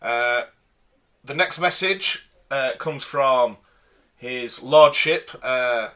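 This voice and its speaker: A man's voice: mid-range voice, very slow, sharp tone. A man cohosting a casual podcast, teasing his cohost and reading out listener messages. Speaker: podcast co-host.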